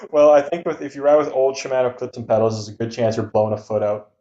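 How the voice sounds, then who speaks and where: Mellow-voiced man on a dull, echoey mic. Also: medium pitch, fast. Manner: easygoing, laughs often. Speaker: podcast co-host. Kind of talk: casual chat.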